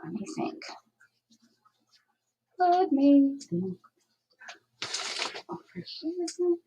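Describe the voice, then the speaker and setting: A woman's voice: sits high, big pitch swings, extremely slow, warm tone, poor audio. A woman hosting a crafting livestream, chatting casually and thinking aloud as she works. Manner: chatty, thinking aloud while working, with asides and laughs.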